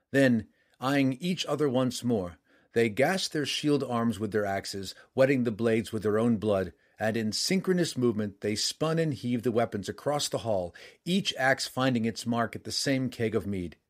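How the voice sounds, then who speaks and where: A man narrating a fantasy story as an audiobook, in a measured, dramatic reading. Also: mid-range voice.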